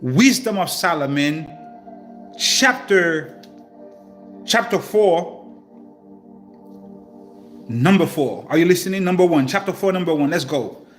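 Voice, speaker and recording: A teacher giving informal scripture teaching reads verses aloud in a fairly high voice, slowly and with frequent pauses, breaking in with playful slang commentary, animated asides and repeated phrases. Faint music plays behind him.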